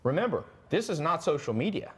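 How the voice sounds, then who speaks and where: Male host, mid pitch, fast and animated, cracking jokes while selling a training course on a live stream. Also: husky.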